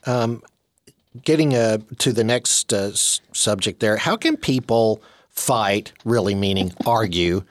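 A man interviewing a guest, asking measured, thoughtful questions with some hesitation. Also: on the low side, no room sound, clean studio sound.

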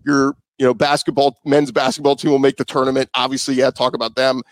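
A man's voice: medium pitch, level tone, quick pace, no room sound. Male sports radio guest, 30s, casual storyteller, mid-range voice, dead-dry podcast sound. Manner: conversational, loose, many fillers and restarts. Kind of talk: casual interview talk.

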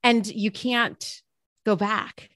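A woman's voice: medium pitch, drawn-out words, no room sound, studio quality. A woman, a teacher and author, tells a personal story in an interview, acting out the dialogue as she goes. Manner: expressive, acts out quoted dialogue.

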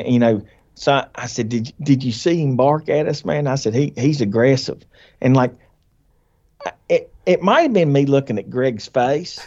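A man telling a hunting story as a podcast guest, animated and folksy, laughing often and acting out what people said. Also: medium pitch, lo-fi sound. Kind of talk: casual storytelling.

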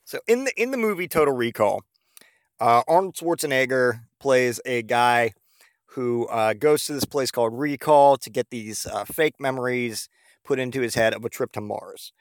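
A man's voice: medium pitch, normal speed, no room sound, clean studio sound. Profane, rambling man telling a story. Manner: rambling, profane, lots of fillers. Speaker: podcast host. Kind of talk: casual comedic storytelling.

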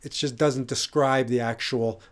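A man's voice: medium pitch, fairly even intonation, unhurried. A middle-aged man hosting a reflective podcast. He talks in a loose, conversational way, with fillers and restarts, and presses hard on key words. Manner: conversational, with fillers and self-corrections. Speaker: podcast host.

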